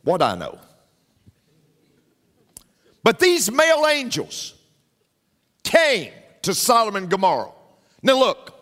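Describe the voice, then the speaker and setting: A man preaches from the pulpit in a high, swooping voice, hammering home his points through repetition and turning often to the congregation with asides. The room carries a long reverberant tail, as in a large sanctuary. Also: wildly swooping pitch, slow pace, long pauses, a bit bright. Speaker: pastor. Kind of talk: sermon.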